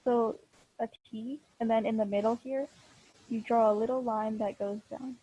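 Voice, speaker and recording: A young woman teaching a class over a video call, explaining patiently and slowly with many fillers and restarts. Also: fairly high pitch, fairly even intonation, mellow, breathy edge, dull audio. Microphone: computer mic on a video call.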